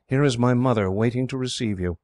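A man's voice: medium pitch, brisk, a little mellow, dry recording, pitched above the performer's own voice, natural voice. A man voicing an earnest, cheerful young English officer.

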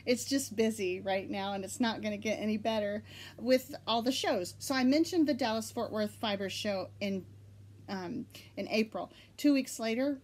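Bubbly woman with an Oklahoma accent. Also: fairly high pitch. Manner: bubbly and excitable, giggly. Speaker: knitting podcast host. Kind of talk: casual chat. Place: home.

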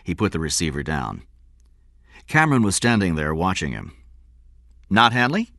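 Deep-voiced, expressive male narrator. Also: vocal fry, no room sound, clean studio sound. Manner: measured, expressive storytelling. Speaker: audiobook narrator. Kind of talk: scripted narration.

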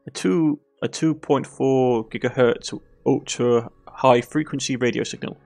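A stiff, literal-minded camp robot, read out by a Cornish man, prim and matter-of-fact. The voice has a gravelly edge and sits at an ordinary pitch. Soft music plays behind it. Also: fairly even intonation, a little slow. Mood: deadpan.

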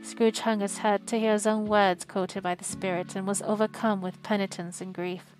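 A woman streamer reading a classic novel aloud in a steady, expressive manner. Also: mid-range voice, normal speed, soft background music. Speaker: audiobook reader and streamer.

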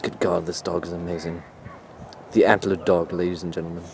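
A man's voice: low-pitched, level tone, brisk. A man filming outdoors and narrating a mock nature documentary in a mock-serious, crude, rambling way. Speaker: narrator and camera operator. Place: outdoors in a neighborhood. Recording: outdoor camcorder audio with clear background noise.

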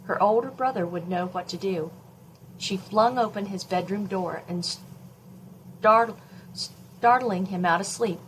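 A woman librarian reading a chapter of a children's novel aloud in a slow, expressive storytelling voice. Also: mid-range voice, slight background noise, low-quality recording.

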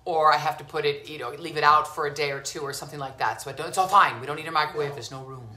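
A woman with a bright, forceful voice hosts a casual cooking demo in her home kitchen. She gushes over everything and keeps calling her viewers sweetheart and lovies. Her voice rings a little in the echoey kitchen. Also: low voice, steady tone, racing. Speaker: cooking show host.

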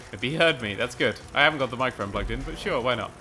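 A man commentating a video game race, excitable and sweary, rambling and mocking himself, a little out of breath. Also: mid-range voice, brisk. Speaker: gaming commentator. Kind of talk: let's play commentary.

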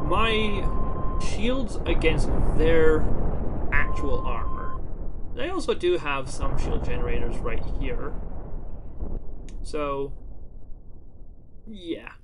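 A man's voice: a little high, very noisy. A man giving playful, jokey gameplay commentary as a let's play host, chatty and full of fillers, restarts and mock taunts.

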